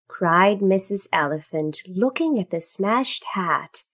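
A woman reading a children's story aloud in a slow, expressive, sing-song manner. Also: medium pitch, breathy edge.

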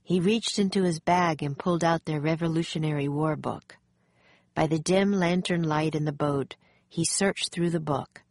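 Woman storyteller, low voice, husky, dry close sound. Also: moderate pace, darkish tone, no room sound. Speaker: audiobook narrator. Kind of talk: storybook narration.

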